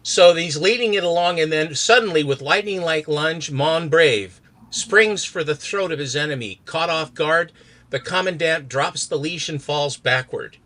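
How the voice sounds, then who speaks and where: Man, animated storyteller, bright tone, fairly high pitch, podcast talk. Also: moderate pace. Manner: acts out characters with accents while retelling. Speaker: podcast guest retelling a comic book. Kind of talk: animated storytelling, reading out dialogue.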